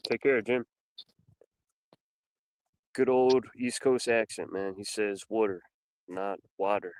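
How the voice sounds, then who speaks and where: A man's voice: medium pitch, slow pace, darkish tone, clean tone, no echo, rough recording. A man chatting as a guest on a live stream panel, blunt and telling stories. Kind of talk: casual live stream chat.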